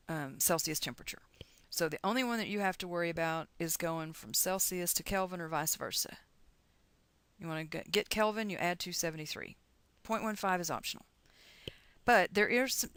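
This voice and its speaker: A woman's voice: deep voice, fairly bright tone, no echo. A middle-aged woman from the United States teaching chemistry in a recorded lecture, chatty and encouraging as she talks through calculations aloud.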